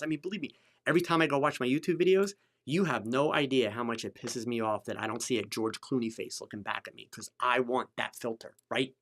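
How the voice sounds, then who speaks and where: Emphatic man hosting a live chat. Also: creaky. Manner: emphatic, repeats key phrases for stress; pitch swings widely between low, slow stretches and high, bright bursts. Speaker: photography podcast host. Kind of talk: live-streamed teaching chat.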